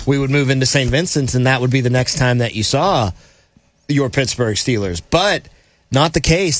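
A man co-hosting a casual sports talk show, joking and playful. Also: mid-range voice. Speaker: sports podcast co-host.

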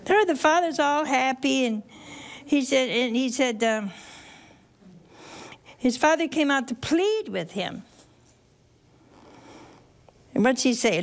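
Folksy woman preacher with a fairly high voice and an unhurried, chatty sermon delivery. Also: expressive. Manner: folksy and chatty, laughing at her own asides; acts out characters in the story. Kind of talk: storytelling sermon to a live audience.

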